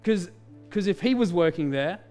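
A man, a pastor, preaching a sermon in an animated storytelling way with quick asides. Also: high-pitched, faint music behind.

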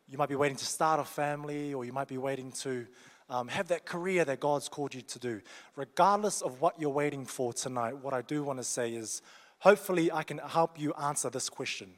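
A man's voice: fairly high pitch, brisk. A young man with a New Zealand accent preaching a sermon in a joking, conversational, down-to-earth way. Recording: long reverb of a large hall.

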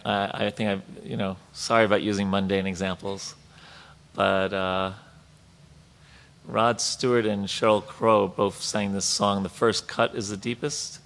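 A man with a fairly low voice leads a scripture class. He reads passages aloud and then explains them, thinking out loud and pausing often along the way. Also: creaky. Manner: reflective and conversational, with frequent pauses. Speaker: class leader.

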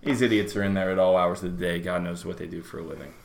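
A man's voice: low voice, fairly even intonation, quick pace, vocal fry, reverberant. A man co-hosting a casual podcast chat, telling stories with dry, sardonic humor. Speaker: podcast co-host.

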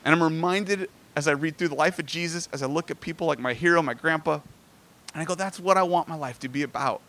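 A man preaching a sermon in an easy, talkative way, his voice sitting a little higher than most men's. He speaks casually and grows animated and lifted in pitch as the story moves him. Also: fast talker. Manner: conversational, animated, rises in pitch when moved. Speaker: pastor. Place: outdoors near sand.

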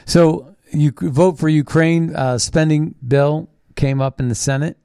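A man's voice: on the high side, steady tone, a little slow, warm tone, clear, resonant tone, no echo, studio quality. A man hosting a political commentary show, reading news items and reacting in a blunt, scornful, combative way. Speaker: host.

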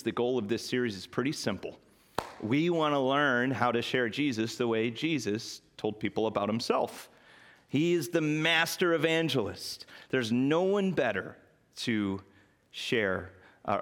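A man's voice: medium pitch, fairly bright tone. A male pastor preaching a sermon in a church in a conversational, folksy way, with light self-deprecating humor. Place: church sanctuary.

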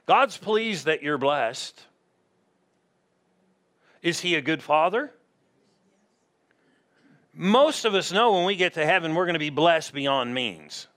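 A middle-aged man preaching a sermon as pastor, animated and conversational, acting out little voices to make his points. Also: on the high side, takes it slowly, pauses often.

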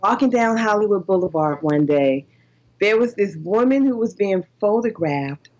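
An older woman, a podcast guest, telling personal stories in an animated way, laughing often and acting out her own reactions. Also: mid-range voice, normal speed, highs cut off. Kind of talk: casual storytelling interview.

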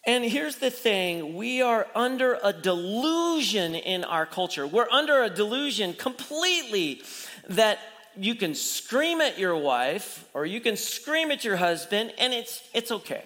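Speaking in a large hall, a male pastor delivers a sermon in an unhurried, sing-song way, acting out the people in a story and asking rhetorical questions constantly. His voice sits high and sounds bright and clear.

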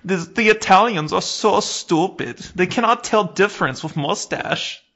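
A man's voice: sits high, expressive, a little slow, a bit bright, voice pushed up, heavily acted. A man voicing a smug, self-satisfied male tourist with a put-on German accent and broken English. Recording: dull lo-fi sound.

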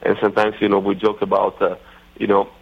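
A middle-aged man with an Italian accent, talking as a guest in a radio interview, halting and full of fillers and restarts. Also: on the low side, completely flat delivery, gravelly, husky. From Italy. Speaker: racing driver guest. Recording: muffled lo-fi radio sound.

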